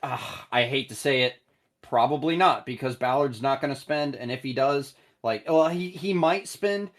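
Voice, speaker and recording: Animated, blunt man hosting a call-in show. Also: moderate pace. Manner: animated and blunt, swears, jumps in pitch. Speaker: host of a call-in fan show. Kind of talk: casual live call-in discussion.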